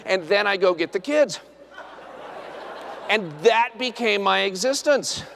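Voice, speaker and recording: A man's voice: a little slow, gravelly, some chatter behind, a little hiss or hum. A middle-aged man, a dentist, telling a funny self-deprecating story on stage and acting out the quotes. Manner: self-deprecating, animated, acts out quotes in high voice. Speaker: dentist and speaker. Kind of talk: humorous storytelling talk.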